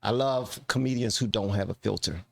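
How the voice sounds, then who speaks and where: A man hosting a reaction channel, giving relaxed, chatty commentary straight to his viewers. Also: on the low side, a little fast, creaky.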